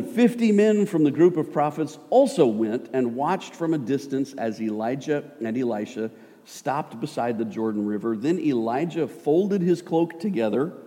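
A man's voice: mid-range voice, dark tone. A man preaching a sermon in a loose, conversational way, with jokes and acted-out asides as he reads and explains scripture. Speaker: pastor. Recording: long hall reverb.

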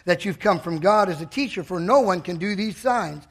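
A man preaching with real fire in a church, his voice sitting high for a man and ringing bright and forceful. He swings from steady teaching into sudden loud, shouted bursts. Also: normal speed. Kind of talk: sermon.

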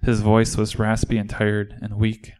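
At a measured pace, a man with a lowish, darkish, clean-toned voice speaks in a monotone. During a church service he performs a fiery first-person monologue as a disciple, full of indignant storytelling.

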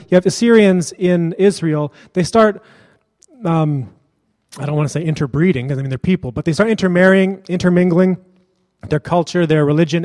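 A man delivers a sermon in a high, light voice. He keeps it conversational and blunt, with a joking edge. The sound rings with the long reverb of a large hall. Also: darkish tone. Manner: casual, joking and blunt, laughs often. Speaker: preacher.

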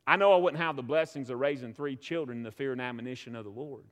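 A man's voice: mid-range voice, quick pace, fairly bright tone, big-room sound. A middle-aged man with a Southern US accent, preaching a sermon with emphatic repetition and call-and-response asides from a church stage. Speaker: pastor.

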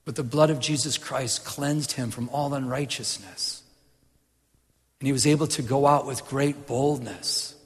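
A man teaching from the Bible in a casual, animated way, restarting his sentences and laughing at his own jokes. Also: medium pitch, unhurried, long reverb tail. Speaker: preacher.

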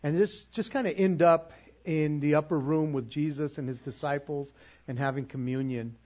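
Middle-aged pastor guy preaching, kinda high voice, acts out the quotes, muffled lo-fi church recording. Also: normal speed. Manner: animated storytelling, acting out quotes. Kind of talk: sermon.

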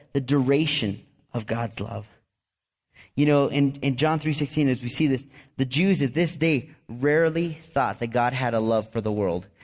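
A man preaching a sermon as a pastor, talking to his church in a conversational way, with restarts and repeated words and bursts of animated storytelling. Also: mid-range voice. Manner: animated storytelling with excited outbursts.

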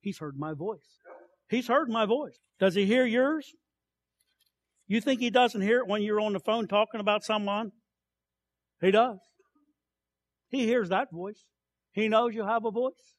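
A man preaching a sermon with passion, declaiming scripture and then dropping to soft, quiet asides. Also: sits high, a little slow, long pauses, dry recording.

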